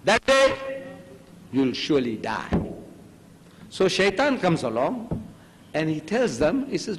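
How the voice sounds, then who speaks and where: An older man with a fairly high voice gives an animated religious lecture, and his pitch swings widely as he plays out each story. His first language is Gujarati. The sound carries a long hall echo over a faint background hiss. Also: takes it slowly, long pauses. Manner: animated storytelling, acting out dialogue.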